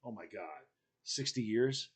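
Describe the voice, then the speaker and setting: A man's voice: fairly low pitch, lively intonation, a little slow, over a noisy crowd. A man telling a long, rambling story in casual podcast chat, with many fillers and restarts.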